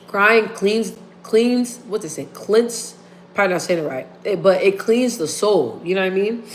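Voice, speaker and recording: A woman's voice: fairly low pitch, a little hiss or hum. A woman hosting a casual livestream, talking straight to her viewers and repeating phrases for emphasis. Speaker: livestream host. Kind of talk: casual live-stream chat.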